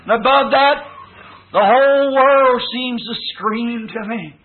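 Male preacher, fervent sermon, unhurried and high, lo-fi tape. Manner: fervent, recounting a vision with quoted voices. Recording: tinny lo-fi old tape.

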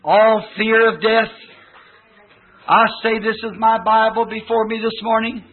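A man's voice: high voice, level tone, unhurried. A man preaching a fervent sermon, recounting a vision. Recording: tinny lo-fi old tape.

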